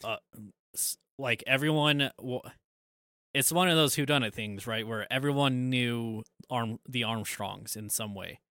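A man's voice: mid-range voice, unhurried, pushed and bright, no room sound, clean studio sound. A man co-hosting a podcast, chatting casually and recapping a film plot, often trailing off and restarting. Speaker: podcast co-host. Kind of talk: casual chat.

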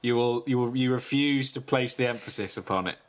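A man's voice: medium pitch, fairly quick. A man co-hosting a casual comedy chat, teasing and swearing through playful banter.

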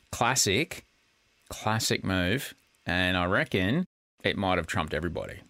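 Man, podcast co-host, low-ish forceful voice, dry close sound, casual jokey recap. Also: lively intonation, a little slow, no echo. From Australia. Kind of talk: casual chat.

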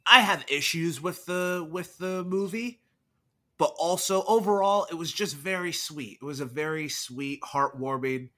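A man's voice: fairly high pitch, unhurried, pushed and bright. A man co-hosting a movie podcast, chatting casually in a giggly, playful way. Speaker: podcast co-host. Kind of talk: casual chat.

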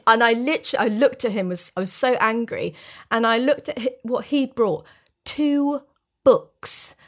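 Woman guest, mid register, animated candid storyteller. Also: mid-range voice. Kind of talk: casual chat, storytelling.

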